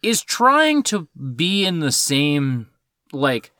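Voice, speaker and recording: A man co-hosting a podcast talks casually about films with lots of swinging, lively pitch. His voice is bright and forceful, a little higher than most men's. He swears freely, laughs often and fills his talk with likes and ums. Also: slow pace, no echo, studio quality. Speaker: podcast co-host. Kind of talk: casual film discussion.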